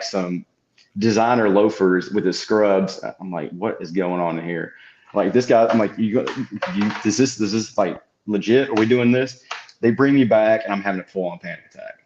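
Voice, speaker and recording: A young adult man on a podcast telling stories in an animated way and acting out what people said. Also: fairly low pitch. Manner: animated storyteller, acts out quotes. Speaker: podcast co-host. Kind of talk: casual chat, storytelling. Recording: dull lo-fi audio.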